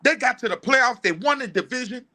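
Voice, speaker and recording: A man's voice: very high voice, animated, fairly quick, sharp tone. A man with a New Orleans accent giving sports analysis on a podcast, arguing hard with a string of rhetorical questions. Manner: fired-up, argumentative, rhetorical questions. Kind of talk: casual sports podcast talk.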